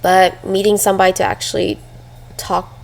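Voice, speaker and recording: A young woman co-hosting a podcast, talking in a soft, reassuring and comforting way. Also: medium pitch, level tone, normal speed, gravelly, a little hiss or hum, poor audio. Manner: soothing, reassuring, soft-spoken. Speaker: podcast co-host. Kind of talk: casual heartfelt chat.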